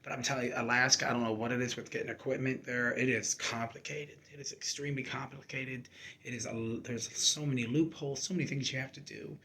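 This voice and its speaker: A man's voice: mid-range voice, fairly even intonation, quick pace, bright, forceful tone. A young man candidly telling his own story, emotional and rambling, with many fillers and restarts. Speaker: army reservist sharing his story. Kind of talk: personal storytelling to camera.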